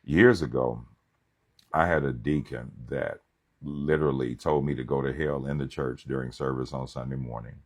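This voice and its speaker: A man with an extremely deep voice preaches a sermon as a pastor. His delivery is animated and humorous, and it swings between loud and hushed. He keeps a relaxed, storytelling feel. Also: normal speed, slightly rough. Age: young adult.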